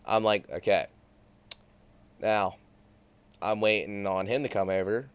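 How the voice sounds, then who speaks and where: A young man with a lowish voice tells a story from his own life in loose, swearing, rambling talk. He sounds indignant and leans on lots of fillers. The sound is close and dry, with almost no room around it. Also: moderate pace, pauses often, clear, resonant tone, no echo. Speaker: livestreamer. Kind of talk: casual storytelling on a livestream.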